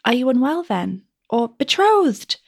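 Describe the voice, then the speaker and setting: Woman reader voicing a chattering, pleading young mistress; gravelly texture, close and dry. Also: sits high, sing-song, measured pace, a little mellow, no echo, voice pushed up, full character voice. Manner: gushing, pleading, rising.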